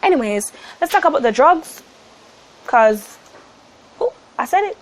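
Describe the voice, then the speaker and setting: A nineteen-year-old Jamaican woman tells her story to camera in an animated, chatty way. Her voice sits high, and she keeps sliding into Jamaican patois. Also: unhurried. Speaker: vlogger.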